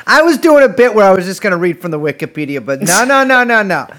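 A man's voice: high-pitched, very animated, quick pace, fairly bright tone, soft background music. A man co-hosting a podcast, talking casually with many restarts, jokes and swearing. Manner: rambling, jokey, many restarts and profanity. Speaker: podcast co-host. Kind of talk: casual chat.

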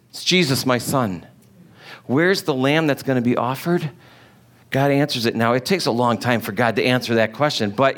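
Guy preaching, fired up, keeps asking the crowd questions, voice sits a bit high. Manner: animated, emphatic rhetorical questions. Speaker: pastor. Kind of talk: sermon.

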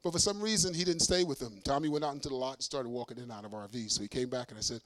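A middle-aged man giving a sermon testimony as a preacher and singer, telling a story in a lively way, acting out dialogue with self-mocking humor. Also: medium pitch, very fast, no room sound, studio quality.

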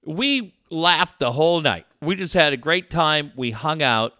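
Animated middle-aged male radio host. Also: a little high, unhurried, no room sound, clean studio sound. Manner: animated storyteller, rambling with restarts. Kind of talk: casual talk radio chat.

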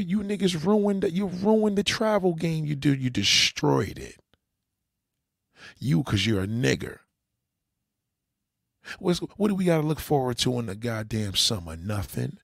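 A man's voice: mid-range voice, vocal fry, dry recording, clean studio sound. A man delivering an angry, profanity-heavy rant as a commentator, talking straight to his audience.

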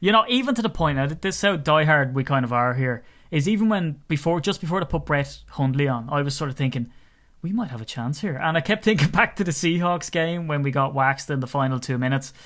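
A young Irish man co-hosting a sports podcast, his voice sitting a little higher than most men's. He rambles through loose anecdotes and chuckles at his own stories in easy, casual chat. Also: animated, brisk, a bit bright. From Ireland. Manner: rambling storyteller, laughs often. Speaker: podcast co-host.

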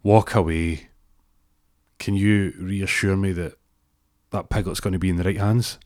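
A flustered, wealthy pig owner pleads and rambles in a Scottish accent, as a man puts him on in his own low voice. The sound is dry and close. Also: fairly even intonation, measured pace, a little mellow, dry recording. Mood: pleading.

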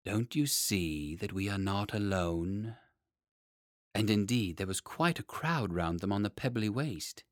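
A man narrating a children's storybook in a measured, expressive reading. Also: medium pitch, dry recording, studio quality.

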